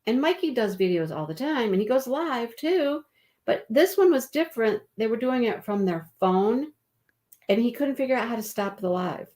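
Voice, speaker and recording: A woman's voice: on the high side, animated, normal speed, darkish tone. A woman co-hosting a live crochet stream, telling stories and chatting casually. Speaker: co-host of a crochet livestream. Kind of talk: casual chat.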